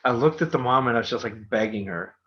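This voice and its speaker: A middle-aged podcast host with a medium-pitched, expressive, slightly bright voice speaks fast. He tells a rambling, casual story packed with fillers and restarts, and the audio is dull and lo-fi.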